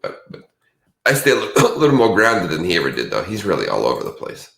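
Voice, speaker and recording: A man with a deep, low voice talks in a loose, rambling way, often restarting his sentences as he reflects out loud. His voice rings in a roomy, echoey space. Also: huge pitch swings, quick pace, vocal fry. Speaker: podcast co-host. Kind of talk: casual chat.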